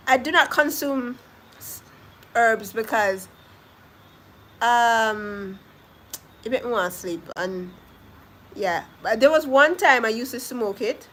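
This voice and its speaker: A woman's voice: on the high side, a bit bright, slight background noise. A young Jamaican woman with a Jamaican accent chatting casually on a live stream, laughing often as she answers viewers' comments. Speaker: vlogger reading live comments.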